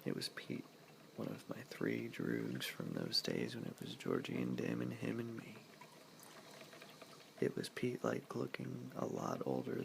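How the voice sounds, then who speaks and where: A man reading a novel chapter aloud as a whispered ASMR reading, in a soft, slow whisper. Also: medium pitch, gravelly, a little hiss or hum, low-quality recording. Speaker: reader.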